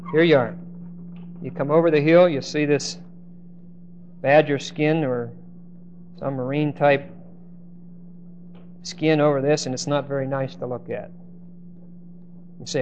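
A man teaching a Bible study class, stressing key words by slowing down and often hesitating or restarting phrases. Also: a little high, fairly even intonation, darkish tone, slight background noise. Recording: dull lo-fi recording.

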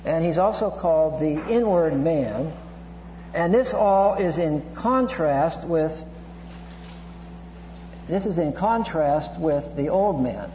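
Guy giving a bible sermon, mellow somewhat high voice, big echoey church with faint hum. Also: animated, slow pace, pauses often. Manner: teaching, digresses with repeated restarts and Greek terms. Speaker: preacher.

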